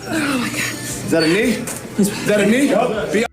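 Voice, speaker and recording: A man coaching hard in a gym, yelling and pushing the trainee on. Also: high-pitched, sing-song, takes it slowly, over music. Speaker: fitness coach. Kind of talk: shouted coaching. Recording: echoey gym with loud crowd.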